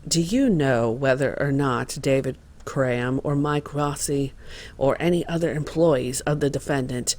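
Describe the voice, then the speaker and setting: A man voicing a male trial lawyer asking formal, measured questions in a dramatized reading of court testimony. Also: medium pitch, darkish tone, a little hiss or hum, close to an everyday voice.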